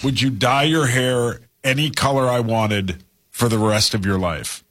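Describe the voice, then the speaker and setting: A man's voice: medium pitch, unhurried, a bit bright. A man co-hosting a radio talk show, goofing around, laughing and playing with words. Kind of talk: casual radio banter.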